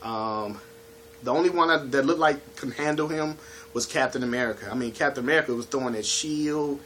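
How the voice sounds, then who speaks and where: Brief: easygoing man, mid pitch, relaxed chatty reviewer, faint noise behind. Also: fairly quick. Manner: laid-back, chatty, keeps saying "you know what I'm saying". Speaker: home video collection reviewer. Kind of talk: casual video review.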